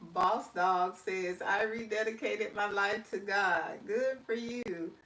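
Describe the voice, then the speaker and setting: A woman's voice: medium pitch, distant mic. A woman hosting a casual live stream, reading out chat comments, laughing easily and closing with a spiritual encouragement. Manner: chatty, laughs often, drawls words slowly; warm encouraging sign-off with spiritual talk. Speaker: livestream host.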